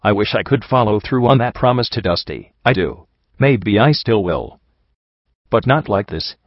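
A man voicing a weary, soft-hearted female pony heroine in an even, gentle voice. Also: on the low side, normal speed, dry recording. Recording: dry, slightly dull home recording.

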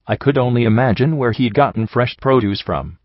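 A man reading a fan fiction story aloud in an even, wry storytelling manner. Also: medium pitch, fairly quick, no room sound, lo-fi sound. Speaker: audiobook reader. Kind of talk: fan fiction audiobook narration.

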